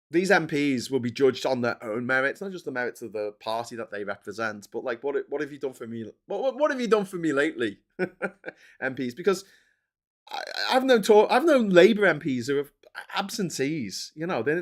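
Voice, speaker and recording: A man hosting a live stream, rambling and animated, laughing and swearing as he chats and reads out viewer messages. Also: medium pitch.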